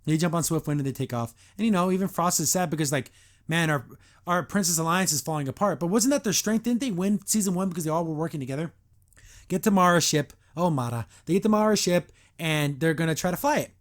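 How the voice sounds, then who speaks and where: A man's voice: on the high side, expressive, quick pace. A man hosting a podcast, reviewing a cartoon episode in a sarcastic, exasperated way and acting out the characters' lines.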